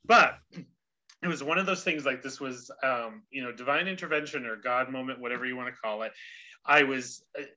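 Male podcast host, very bright tone, lively and chatty, breaks into laughs. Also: mid-range voice, fairly quick, muffled recording. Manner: animated, laughs often, voices quotes. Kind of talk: casual chat.

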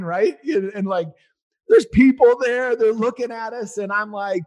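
A man in his forties telling a personal story in a casual, rambling way, getting loud and animated as he relives it. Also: extremely high pitch, normal speed.

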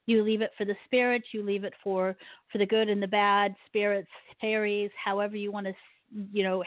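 A woman with a mid-range voice hosts a talk radio show, chatting casually with a guest while ranting animatedly about her pet peeves and laughing often. The sound is dry and tinny, like a phone line, with no room sound.

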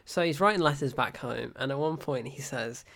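A man's voice: mid-range voice, moderate pace, gravelly, fairly bright tone. Sarcastic man reviewing a film. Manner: sarcastic, laughs often while talking.

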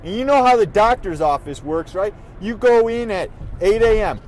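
High-voiced man ranting while driving. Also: normal speed, few pauses, a little mellow, a little hiss or hum, poor audio. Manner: irritated, profane ranting. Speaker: vlogger. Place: in a car on the road.

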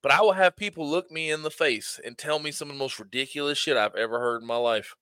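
Profane, animated young-sounding podcast guy. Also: on the high side, quick pace, smooth, no echo. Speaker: podcast co-host. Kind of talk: casual chat.

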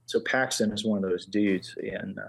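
Casting: middle-aged man, husky lowish voice, rambling anecdotal guest. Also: normal speed. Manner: relaxed anecdotes with many fillers. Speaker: guest, engraver. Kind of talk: casual chat, storytelling.

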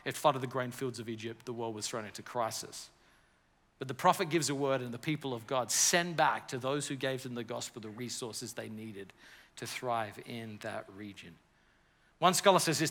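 Man, preacher, sermon, lively storyteller, bright forceful voice, long hall reverb. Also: mid-range voice, moderate pace. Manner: lively, storytelling, jokes with audience.

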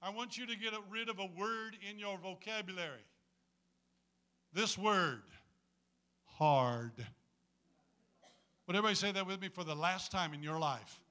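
A man's voice: high-pitched, steady tone, fast talker, hardly any pauses, pushed and bright, clear, resonant tone. A man preaching a sermon to a congregation in a folksy, humorous way, calling on them to answer back.

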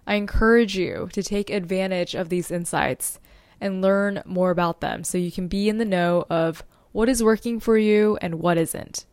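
A woman's voice: mid-range voice, moderate pace, darkish tone, no room sound. A young adult woman hosting a solo podcast as a social media strategist, talking in an upbeat, informative way and now and then tripping over her words.

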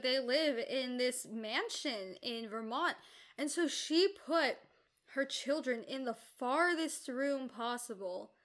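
A young woman with a notably high voice talking over a novel with a friend. She is emphatic and opinionated, punctuating her points with "like" and "you know". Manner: animated, emphatic commentary with filler "like". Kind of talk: casual chat discussing a novel.

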